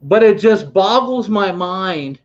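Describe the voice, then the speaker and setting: A man co-hosting a casual talk show, telling animated road anecdotes over a video call. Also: high voice, slow. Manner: animated anecdote teller, acts out quoted voices. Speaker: podcast co-host. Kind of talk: casual storytelling. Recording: dull lo-fi stream audio.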